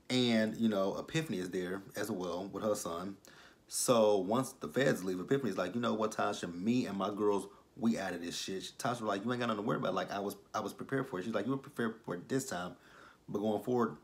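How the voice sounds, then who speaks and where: A man giving a casual, animated recap of a TV episode, acting out the characters' lines and swearing freely. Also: fairly low pitch. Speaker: TV episode reviewer.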